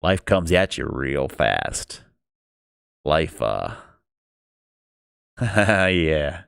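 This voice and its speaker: A man reading a novel aloud on a stream, then chatting casually in an animated, joking way and swearing freely. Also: extremely low pitch, very slow, gravelly, clear, resonant tone, no echo. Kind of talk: storybook reading and casual chat.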